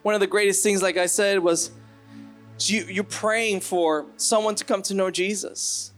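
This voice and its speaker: Pastor guy preaching, kinda high voice, earnest and fired up at times. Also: steady tone, a little slow, fairly bright tone, faint music behind. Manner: earnest preaching, rising to impassioned bursts. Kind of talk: sermon.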